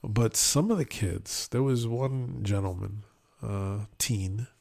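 Male podcast co-host, gravelly voice, chatty storyteller, halting delivery. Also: fairly low pitch. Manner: animated storytelling, many fillers and restarts. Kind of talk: casual chat.

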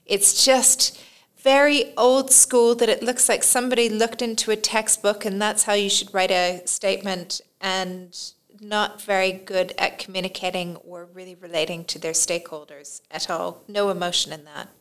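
A woman co-hosting a relaxed podcast conversation, talking it through in a thoughtful, unhurried way. She often restarts her sentences and laughs lightly as she shares her views. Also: medium pitch, smooth. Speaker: podcast co-host, PR and communications professional. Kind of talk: casual discussion podcast.

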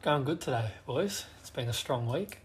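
A man's voice: medium pitch, animated, moderate pace. A man, co-hosting a podcast in casual chat and laughing often. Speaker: podcast co-host.

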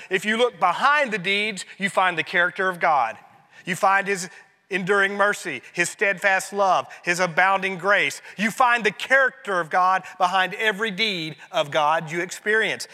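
A pastor with a high voice preaches in a big-sounding room, building emphatically and rising before dropping to a hush on key phrases.

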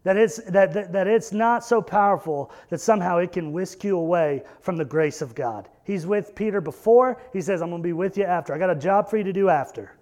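A man preaching a sermon, earnest and emphatic, repeating key phrases and building to loud peaks. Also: high-pitched, fairly quick, few pauses. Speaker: pastor.

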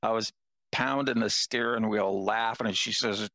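An older man chats casually, telling stories and poking fun at himself. His voice sits low with a rough, gravelly edge. The sound is dry and close. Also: steady tone, normal speed, sharp tone, no echo. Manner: self-deprecating, jokey storyteller. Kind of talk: casual conversation.

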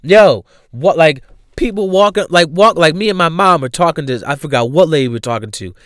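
A man telling a funny personal story in a casual, animated way, laughing often and using slang and swearing. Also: fairly high pitch, fairly quick, no room sound, studio quality.

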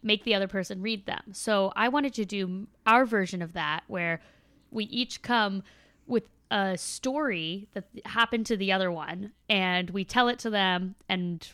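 A young woman in her twenties hosting a podcast, telling a story in a giggly, animated way. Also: mid-range voice, measured pace, clear, resonant tone, dry recording. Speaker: podcast host. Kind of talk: casual chat.

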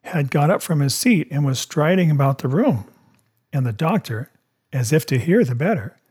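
Husky-voiced male storybook narrator. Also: mid-range voice, darkish tone. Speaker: audiobook narrator. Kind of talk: scripted narration.

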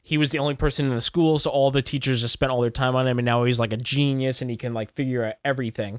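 A man's voice: medium pitch, steady tone, quick pace, dry recording, clean studio sound. A young man co-hosting a casual movie review podcast, talking in a blunt, laid-back way and swearing now and then. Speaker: podcast co-host.

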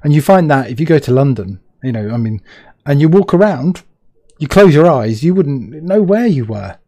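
A British man hosts a relaxed interview over a video call, his voice mellow and warm. He rambles, restarts his thoughts and chats loosely. The sound is dry and close. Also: on the high side, normal speed, no echo. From United Kingdom. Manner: rambling, self-interrupting, chatty. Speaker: podcast host. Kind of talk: casual conversational interview.

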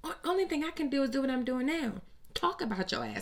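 A woman hosting casual celebrity gossip commentary, blunt and profane, with an animated, sassy delivery. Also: high voice, a little fast. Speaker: host.

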